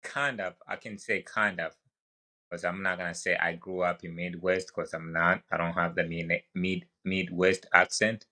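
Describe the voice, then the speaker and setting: African-accented man, deep bright voice. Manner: relaxed storytelling, halting with fillers. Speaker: guest, wildland firefighter. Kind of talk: casual podcast conversation.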